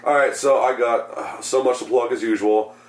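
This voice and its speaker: A man's voice: mid-range voice, steady tone, normal speed, roomy sound. Profane podcast host losing his voice. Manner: profane, rambling, self-mocking. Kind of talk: casual podcast chat.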